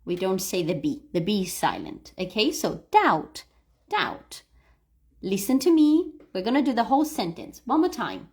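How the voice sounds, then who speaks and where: A woman's voice: mid-range voice, very animated, fairly quick, hardly any pauses, darkish tone. A woman teaching English pronunciation on a livestream, patiently explaining and modelling words for learners to repeat. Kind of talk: livestream read-aloud lesson.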